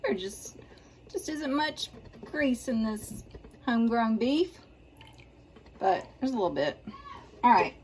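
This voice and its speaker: A woman's voice: a little high, animated, slow, long pauses, a little mellow. A woman, chatting folksily to viewers while she cooks in her home kitchen. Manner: chatty, folksy, jokes with herself. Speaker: home cooking video host. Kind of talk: casual cooking vlog chat. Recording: noisy kitchen with frying sizzle. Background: frying and sizzling food.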